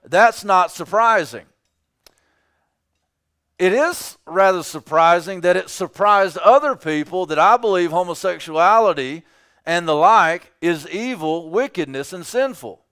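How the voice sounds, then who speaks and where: High-voiced, slow, emphatic male preacher. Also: lively intonation, fairly bright tone, clean tone. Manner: emphatic preaching with repeated phrases. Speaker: pastor. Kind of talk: sermon.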